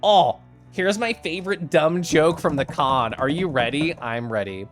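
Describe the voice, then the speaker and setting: A man's voice: mid-range voice, lively intonation, normal speed, faint music behind. A young adult man streaming, chatting casually with viewers and laughing often as he recaps a convention.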